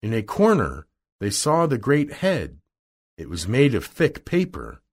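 A man narrating a storybook chapter aloud in a slow, measured way. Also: mid-range voice, huge pitch swings.

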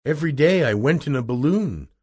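A man's voice: a little high, expressive, brisk, a little mellow, husky, voice pushed up. A man doing a timid little old wizard. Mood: explaining. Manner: small pleading voice. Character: frightened little old male humbug wizard.

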